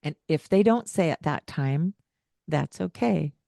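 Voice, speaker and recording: A woman co-hosting a parenting podcast, her voice sitting a little low. She talks in an animated, playful way, slipping into singsong greetings as she acts out talking to children. The sound is dry and close. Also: measured pace, vocal fry, no echo. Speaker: podcast co-host. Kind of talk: casual parenting advice chat.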